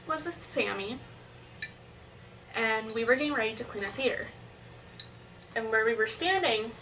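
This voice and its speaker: A woman's voice: on the high side, sharp tone, recorded from a distance, a little hiss or hum, low-quality recording. A young woman telling a story to her camera in a chatty, rambling way, often restarting her sentences. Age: young adult. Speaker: vlogger.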